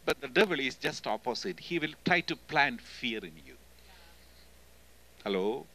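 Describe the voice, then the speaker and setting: Bright-voiced Indian-accented preacher. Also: male voice, medium pitch, animated, measured pace, rough recording. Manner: emphatic, often calling "hello?" to the congregation; swings between loud and hushed delivery. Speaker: guest preacher. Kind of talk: sermon. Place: church.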